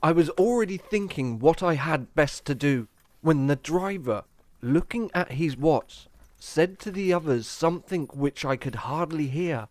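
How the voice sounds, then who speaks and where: An earnest young Victorian traveller, voiced by a man who narrates a gothic audio drama. His voice sits a little high for a man, and he tells the story in a measured, storytelling way. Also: expressive, dry recording. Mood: tense.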